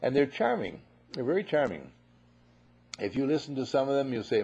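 Husky-voiced man preaching animatedly. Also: mid-range voice, fairly quick. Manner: animated, acts out voices, repeats "you see". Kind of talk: sermon to a live audience. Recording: muffled lo-fi recording.

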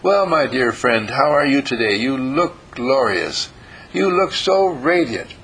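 A man voicing a gushing, endlessly affectionate woman visitor who talks in effusive, sing-song flattery. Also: medium pitch, a little slow, husky, exaggerated voice, rough recording.

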